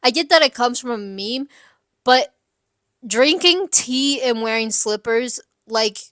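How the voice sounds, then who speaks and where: A young woman hosting an advice show, chatting candidly with lots of fillers and lively asides. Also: fairly high pitch, slow pace, no room sound, clean studio sound. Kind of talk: casual advice chat.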